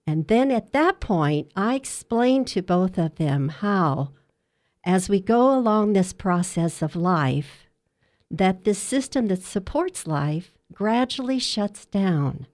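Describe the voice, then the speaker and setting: A woman working as a hospice dietitian, telling a patient's story in an interview with earnest, measured storytelling. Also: medium pitch, lively intonation, darkish tone.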